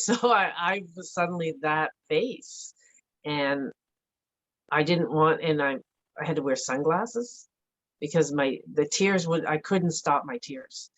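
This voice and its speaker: A middle-aged woman giving a halting, emotional personal account as an interview guest, with many fillers and restarts. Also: deep voice, poor audio. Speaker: interview guest, bereaved mother.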